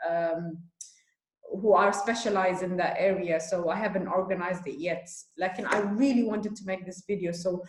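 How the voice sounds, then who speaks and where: Earnest woman, echoey room. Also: medium pitch. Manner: earnest, switches between Somali and English, frequent apologies. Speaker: vlogger. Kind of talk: impassioned talk to camera.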